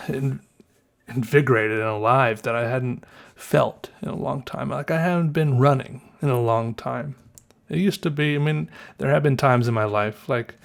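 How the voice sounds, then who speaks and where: Southern US male podcast host, easygoing rambling monologue, mid-pitched voice, thinks aloud and corrects himself. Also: vocal fry. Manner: rambling, musing, self-correcting, chuckles often. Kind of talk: casual solo podcast monologue.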